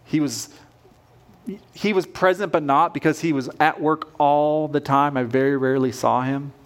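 A man's voice: a little high, fairly even intonation, normal speed, clean tone. Earnest man preaching a sermon. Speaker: pastor.

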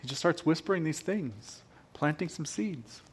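A male pastor delivering a sermon in an animated way, repeating phrases for emphasis. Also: fairly high pitch, normal speed, slight background noise.

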